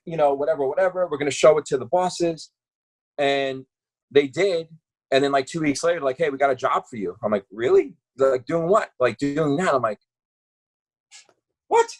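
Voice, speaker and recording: On a podcast, a guest from Brooklyn, New York chats casually through his stories in a voice on the high side, at normal speed with frequent pauses. He gets animated, mimicking quoted voices, and leans on swearing and fillers.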